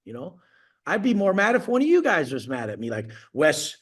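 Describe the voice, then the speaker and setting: A man's voice: on the high side, wildly swooping pitch, moderate pace, breathy edge. A man coaching clients on a video call, ranting bluntly and profanely, boasting as he goes.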